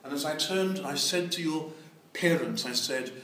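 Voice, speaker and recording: A man's voice: a little high, moderate pace, a bit bright. An older man, telling his life story as testimony in an earnest way and acting out the dialogue. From England. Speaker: evangelist. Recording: very echoey, distant mic.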